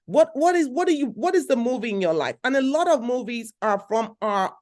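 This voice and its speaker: A woman's voice: on the high side, lively intonation, a little fast, darkish tone. A woman giving an emphatic motivational talk, repeating her points and checking in with the audience. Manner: emphatic, repeats phrases, asks the audience questions. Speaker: speaker at a conference.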